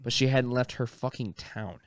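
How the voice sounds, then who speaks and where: A man co-hosting a podcast in casual chat, excitable and swearing freely. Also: medium pitch, moderate pace, dry recording, clean studio sound. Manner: excitable, swears a lot, trails off. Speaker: podcast co-host.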